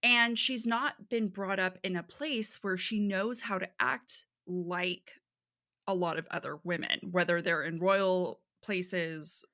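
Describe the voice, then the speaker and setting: Gravelly, bright-toned woman co-host. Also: fairly low pitch, fairly even intonation. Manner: measured, analytical, with agreeing murmurs. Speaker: podcast co-host. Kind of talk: casual literary discussion.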